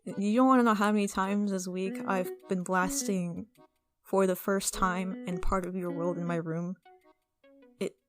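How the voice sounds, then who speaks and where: A young woman talking casually and excitably as she vlogs over a speedpaint, rambling with restarts and asides. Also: medium pitch, unhurried, over music. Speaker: artist vlogger.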